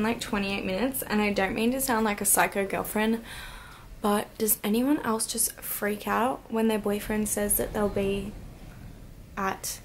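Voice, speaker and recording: A woman's voice: medium pitch, slight background noise. A young woman in a casual haul vlog, talking to camera at home with a bubbly, gushing, chatty manner. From Australia. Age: young adult. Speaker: vlogger.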